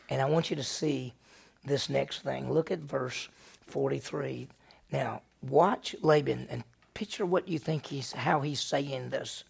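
A man with a slightly high, gravelly voice leads a Bible study sermon. He talks with animation and keeps throwing rhetorical questions at his listeners. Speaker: Bible teacher.

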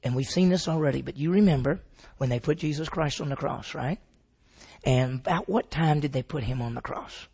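A man's voice: on the high side, fairly quick, darkish tone, husky. A man teaching the Bible to a group, asking his listeners questions and answering them himself.

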